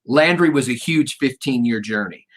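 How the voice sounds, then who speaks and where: A middle-aged man in a relaxed radio interview, winding through personal anecdotes with frequent restarts. He talks in a loose, joking, storytelling way. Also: mid-range voice, normal speed, heavy background noise. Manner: rambling, storytelling, jokey. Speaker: radio show host. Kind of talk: casual interview chat.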